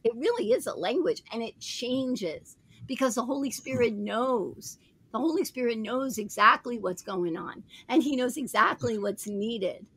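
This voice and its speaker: A woman's voice: a little high, animated, unhurried, fairly bright tone, husky. A woman hosting a Christian talk show, speaking in an emphatic, preacherly way and repeating her phrases. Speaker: show host.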